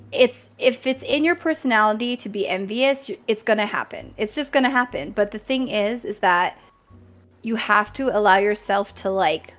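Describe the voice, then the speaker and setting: A woman chatting casually as a guest on a creator talk stream, upbeat and quick to laugh while giving encouraging advice. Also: medium pitch, fairly bright tone. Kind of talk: casual chat.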